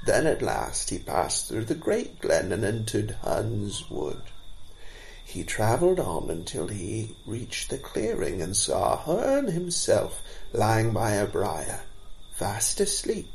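A man playing a kindly old deer telling a tale to fawns in a storybook, speaking slowly with a gravelly texture. His pitch rises and falls freely as he spins the story. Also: a little hiss or hum, heavily acted, rough recording. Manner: warm, storytelling. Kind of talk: storybook reading.

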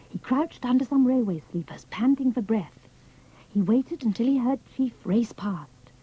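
A woman narrating a children's storybook in a measured, expressive reading. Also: a little high, husky, lo-fi sound.

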